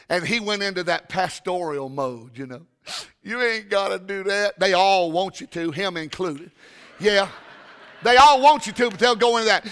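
Animated high-voiced preacher. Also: male voice, moderate pace, clear, resonant tone. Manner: animated, stammering restarts, sudden loud bursts. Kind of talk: sermon with storytelling.

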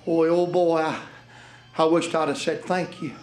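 A man's voice: fairly high pitch, little pitch movement, moderate pace, a little mellow, reverberant, pitched below the performer's own voice, lightly acted. Preacher acting out a confused beat-up traveler coming to, asking where he is. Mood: bewildered. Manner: bewildered, questioning. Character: dazed wounded male traveler waking up bandaged.

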